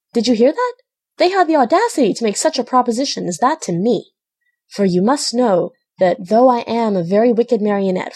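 A woman voicing a proud, earnest boy marionette in a storybook reading, speaking high and eagerly. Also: dark tone, slightly rough.

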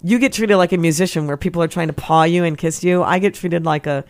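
A woman counselor talking as a guest in an interview, energetic and chatty, with many asides and restarts. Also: on the low side, quick pace. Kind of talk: casual interview chat.

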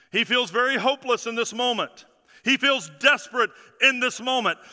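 A man preaching a sermon as pastor, emphatic and full of repeated phrases, often dropping soft and low for effect. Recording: long reverb of a large hall.

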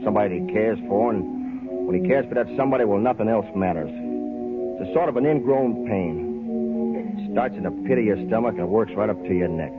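A man's voice: on the low side, animated, moderate pace, loud music behind the voice, lightly acted. An actor playing a brash, lovesick small-town young man with boastful folksy talk, 1940s radio acting on a tinny old broadcast. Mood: earnest.

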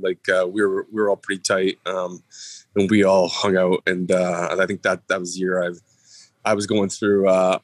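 Guy with a low flat voice, lots of uh and um, dry close sound. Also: no echo. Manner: halting, many fillers and restarts. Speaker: guest, former hockey player. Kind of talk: casual podcast talk.

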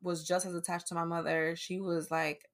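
A woman's voice: fairly low pitch, little pitch movement, normal speed. A woman speaking candidly and emotionally as a podcast guest, swearing freely in casual conversation.

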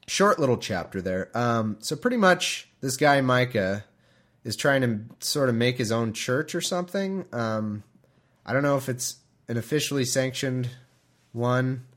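A man's voice: mid-range voice, expressive, unhurried, a bit bright. Chatty man reading scripture aloud. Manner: chatty, bemused, laughs often. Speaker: podcast host.

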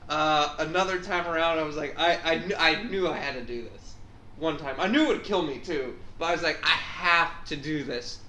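A man co-hosting a casual podcast chat, an animated storyteller who acts out voices. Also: fairly high pitch, brisk. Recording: echoey room, faint hum.

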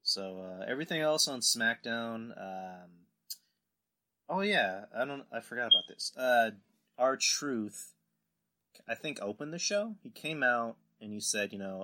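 A man's voice: mid-range voice, unhurried. A man hosting a podcast in casual chat, telling stories animatedly and acting out what others said. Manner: animated storytelling, acts out quotes. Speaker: podcast host.

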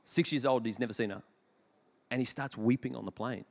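A man, preaching a sermon. He tells stories in an animated, jokey, self-deprecating way, with sudden loud bursts. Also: mid-range voice, fairly quick, gravelly. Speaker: pastor. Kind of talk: sermon with storytelling. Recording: long hall reverb.

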